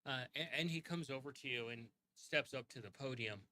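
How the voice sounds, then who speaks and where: A man's voice: mid-range voice, a little fast, sharp tone, poor audio. A man running a tabletop game as game master, narrating in a rambling way with many restarts. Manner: rambling, full of fillers and restarts.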